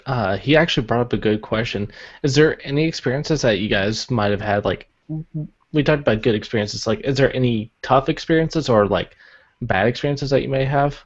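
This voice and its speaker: A man hosting a casual podcast chat, relaxed and quick to laugh, asking the group questions. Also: fairly low pitch, lo-fi sound. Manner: easygoing, laughs often, asks questions. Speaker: podcast host.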